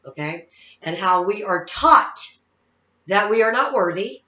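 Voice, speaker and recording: A woman's voice: mid-range voice, sharp tone. A woman psychic medium giving casual spiritual advice in a folksy, chatty way, often checking in with her listeners. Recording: echoey room, dull lo-fi sound.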